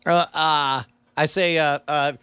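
A man's voice: medium pitch, animated, normal speed, fairly bright tone, no room sound. A man playing in a comedic role-play, talking in a hesitant, playful and goofy way. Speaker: player.

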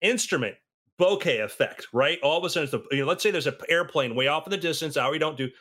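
A man with a bright, forceful voice pitched a little high, chatting casually. He tells stories with energy and acts out the people he quotes, swinging his pitch up and down. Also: rapid-fire. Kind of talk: casual conversation.

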